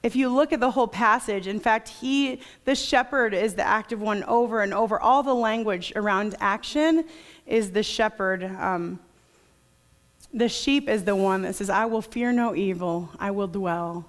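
A woman preaching a sermon to a congregation in a conversational way, reading scripture quietly and reflectively. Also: medium pitch, normal speed.

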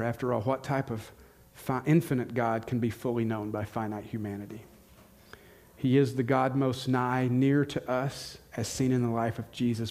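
A slightly mellow, mid-range male voice belongs to a pastor in his forties from the United States with a Southern accent. In his sermon he's earnest and questioning, asking the congregation questions and repeating important lines.

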